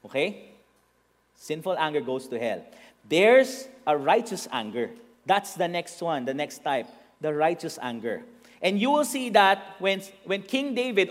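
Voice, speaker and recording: A man with a Filipino accent preaching a sermon, mixing English and Tagalog, and rising to shouts for emphasis. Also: fairly high pitch, big-room sound.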